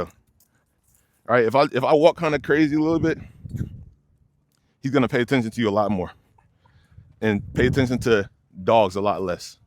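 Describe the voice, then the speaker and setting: A man's voice: mid-range voice, dry recording. A young man, a dog trainer, explaining leash work casually outdoors and addressing viewers as y'all. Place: outdoors by a fence near many dogs.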